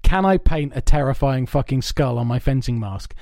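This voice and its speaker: A man co-hosting a podcast in casual chat, telling long stories in an animated, rambling way with lots of swearing. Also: mid-range voice, normal speed, dry recording. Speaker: podcast co-host. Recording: dry, soundproofed home room.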